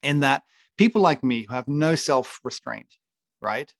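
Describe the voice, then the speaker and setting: A man's voice: mid-range voice, animated, unhurried, no room sound. Emphatic ranting man, dry sound. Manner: emphatic, ranting, comically indignant. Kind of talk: casual opinionated chat.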